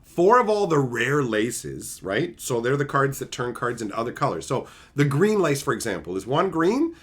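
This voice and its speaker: A man hosting a live stream, chatting excitedly and profanely with his viewers and acting out friends in loud voices. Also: medium pitch, moderate pace, breathy edge. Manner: profane, excitable, rants about cards.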